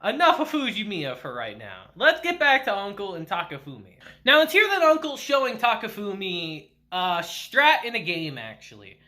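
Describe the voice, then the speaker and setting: A man's voice: high-pitched, very animated, moderate pace, hardly any pauses, pushed and bright. A man casually recapping an anime episode as a reviewer, laughing often and acting out the characters' lines.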